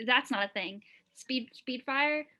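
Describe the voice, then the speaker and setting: Woman, high voice, bright tone, playful, joking, casual group chat. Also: slow pace.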